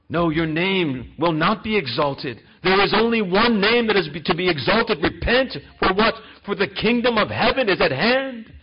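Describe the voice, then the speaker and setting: A male pastor preaching a sermon in an emphatic style that swings between loud and soft. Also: high-pitched, big pitch swings, normal speed, few pauses, dull audio, noisy background.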